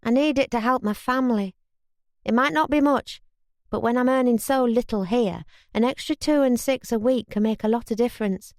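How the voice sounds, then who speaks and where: A woman's voice: fairly high pitch, normal speed, a little mellow, no echo, studio quality, pitched above the performer's own voice, lightly acted. A woman voicing an earnest young city woman who pleads her case.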